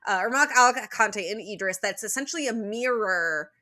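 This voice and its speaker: Bright-voiced opinionated woman podcaster. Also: medium pitch, animated, normal speed. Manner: opinionated, rambling, frequent "like". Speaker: podcast co-host. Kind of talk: casual book-recap chat.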